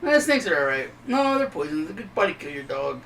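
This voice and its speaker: A man's voice: fairly high pitch, very animated, fast, a bit bright. A man co-hosting a casual comedy podcast, teasing and crude, laughing often. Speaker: podcast co-host. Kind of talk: casual chat.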